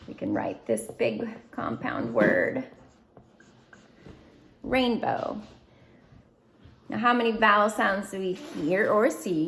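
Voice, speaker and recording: A woman gives a phonics lesson, patient and methodical as she writes out words and explains them. Her voice has a slight gravelly edge, and a faint hiss of noise sits under the recording. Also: medium pitch. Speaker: teacher.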